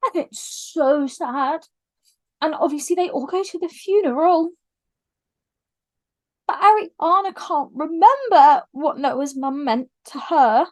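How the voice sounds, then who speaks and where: Woman book vlogger, high voice, gushing and teary, lively casual retelling. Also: slow. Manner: frequent restarts when moved. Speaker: book reviewer. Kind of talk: casual book review vlog.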